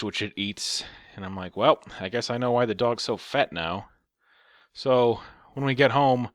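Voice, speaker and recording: Low-voiced, sarcastic male vlogger, casual and foul-mouthed. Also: fairly bright tone, dry recording, studio quality. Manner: sarcastic and profane. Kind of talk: casual storytelling rant.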